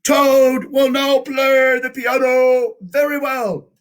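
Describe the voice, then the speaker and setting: A man shouting as a grand showman announcer. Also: extremely high pitch, steady tone, slow, pitched above the performer's own voice. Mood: grandiose. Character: grand booming announcer voice in a dream, storybook.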